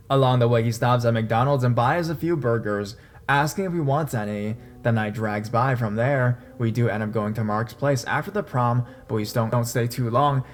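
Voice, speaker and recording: A man narrating a true horror story in a steady, casual storytelling manner. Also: mid-range voice. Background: faint dark background music.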